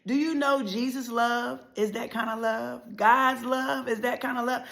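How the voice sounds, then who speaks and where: A middle-aged woman giving an impassioned motivational speech, preacherly and repetitive, swinging between loud and soft. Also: a little high, steady tone, a little slow, gravelly. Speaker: motivational life speaker.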